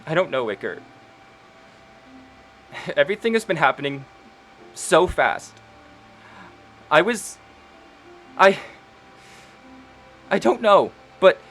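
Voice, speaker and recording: A man's voice: medium pitch, animated, a little slow, pauses often, a bit bright, soft background music. A man voicing tearful pleading young woman Penelope. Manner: pleading and swearing, voice rising in urgency.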